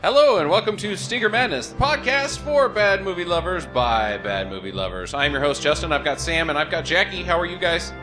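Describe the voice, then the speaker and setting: A man's voice: a little high, animated, brisk, few pauses, music in the background. A man hosting a casual comedy podcast, joking around and laughing often. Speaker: podcast host. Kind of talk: casual banter.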